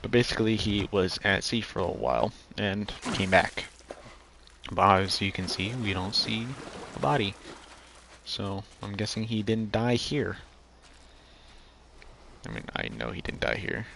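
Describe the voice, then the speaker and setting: A man's voice: fairly low pitch, animated, a little slow, gravelly, pauses often, background noise. A man giving rambling let's-play commentary as he plays a video game, often restarting his sentences. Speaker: gaming video host.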